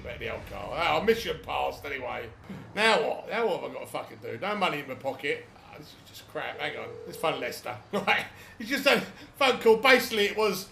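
A man's voice: fairly high pitch, big pitch swings, fairly quick, gravelly, pushed and bright, slight background noise. A middle-aged British man giving a sweary, laughing running commentary while playing a video game. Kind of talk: casual let's-play commentary. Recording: echoey room.

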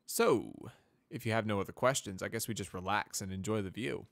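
A man's voice: on the low side, fairly quick, vocal fry, no room sound, studio quality. A man voicing a cheerful, eager young male pegasus navigator in a fan storybook reading. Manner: upbeat, eager, talkative.

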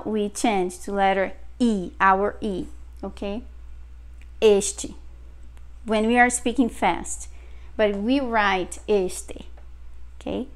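A Brazilian woman with a Brazilian Portuguese accent teaching a pronunciation lesson, repeating words slowly and checking in with "okay?". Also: a little high. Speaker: language teacher.

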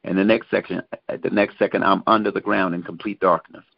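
Middle-aged male minister, deep and gravelly, measured and halting, dull lo-fi recording. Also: flat delivery, no room sound. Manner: slow, measured storytelling with many pauses. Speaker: guest minister. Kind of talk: personal religious testimony. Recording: dull, muffled lo-fi sound.

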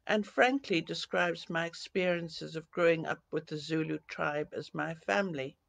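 An older woman from Africa, reading her own memoir aloud in an unhurried storytelling manner. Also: sits low, vocal fry. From South Africa. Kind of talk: audiobook reading. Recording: dull lo-fi dry recording.

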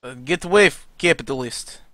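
A man's voice: mid-range voice, a little fast, dry recording, clean studio sound, close to an everyday voice. A man putting on a panicky mock-Russian soldier. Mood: desperate. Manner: shouting in broken English. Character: desperate male Soviet soldier, panicky, defiant.

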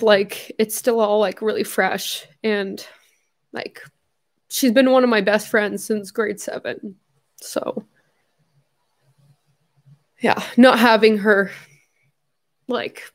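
A young woman in her twenties, hosting a casual livestream while tearful and crying, speaking haltingly with soft laughs. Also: mid-range voice, fairly even intonation.

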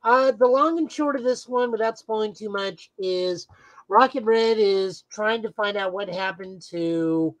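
A woman's voice: medium pitch, unhurried, no echo, poor audio. A woman co-hosting a casual podcast who recaps comic plots in detail with frequent filler words. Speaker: podcast co-host.

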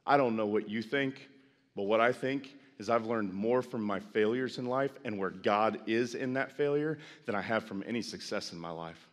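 Impassioned pastor in a reverberant hall. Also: male voice, fairly low pitch, normal speed. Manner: builds to loud impassioned preaching; folksy, self-deprecating asides. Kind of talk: sermon. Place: large church sanctuary. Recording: long church hall reverb.

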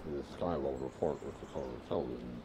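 A deep-voiced deadpan castaway. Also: male voice, fast talker, a little hiss or hum. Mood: deadpan rambling. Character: stranded odd desert castaway man, rambling. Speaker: game character.

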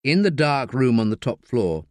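A man narrating a crime novel audiobook, with expressive storytelling, at a studio mic. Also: mid-range voice, normal speed, dry recording. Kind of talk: scripted narration.

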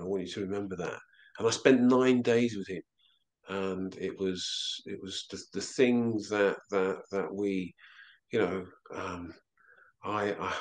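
A man telling a personal story as an interview guest, halting and often repeating himself. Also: lowish voice. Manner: halting, with frequent stammered repeats.

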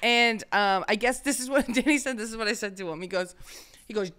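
A young adult woman co-hosting a podcast, chatting in an animated way and swearing freely. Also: medium pitch, a little fast, clear, resonant tone. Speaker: podcast co-host. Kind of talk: casual storytelling chat.

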